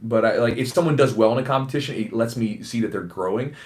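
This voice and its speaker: A man with a faint Southern US accent, hosting a casual podcast chat, talking fast with many fillers and restarts. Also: medium pitch, a little mellow. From American South. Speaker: podcast host and jiu-jitsu instructor.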